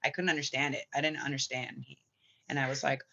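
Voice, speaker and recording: A spiritual reader telling a long personal story in a rambling, excitable way, swearing often and full of filler words. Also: medium pitch, fast, gravelly. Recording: slightly muffled lo-fi audio.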